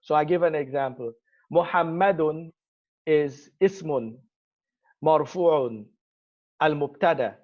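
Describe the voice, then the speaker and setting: A man teaching an online grammar lesson, spelling out terms slowly and calling on students by name. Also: a little high, dull audio. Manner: slow, deliberate drilling of Arabic terms, calling on students.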